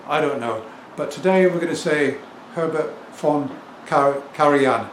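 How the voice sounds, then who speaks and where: A man's voice: fairly high pitch, normal speed. Chatty middle-aged Englishman in an echoey room. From England. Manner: chatty, rambling, self-assured. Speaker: record seller and vlogger. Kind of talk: casual talk to camera. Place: home room with turntable. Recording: echoey room with faint ambient noise.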